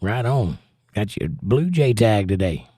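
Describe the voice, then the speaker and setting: A man's voice: on the low side, sing-song, measured pace, warm tone, slightly rough, no room sound, studio quality. Jokey man reading chat aloud. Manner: chatty, jokey, reads viewer comments aloud. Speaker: livestream host reading chat. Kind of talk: casual chat.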